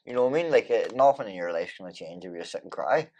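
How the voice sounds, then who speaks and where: A man's voice: low-pitched, lively intonation, fast talker, darkish tone. An easygoing man in a casual podcast chat who laughs often and drops "mate" into nearly every sentence.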